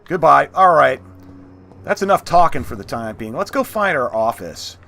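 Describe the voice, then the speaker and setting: A man's voice: medium pitch, big pitch swings, normal speed, bright, forceful tone. A man hosting a let's play, giving casual gameplay commentary with chatty, half-muttered asides.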